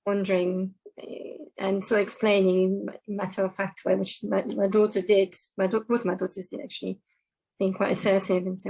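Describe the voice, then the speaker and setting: A woman's voice: medium pitch, little pitch movement, moderate pace, gravelly, warm tone, poor audio. A woman on a panel speaking as a parent, in a matter-of-fact, plain-spoken way. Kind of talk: live panel discussion.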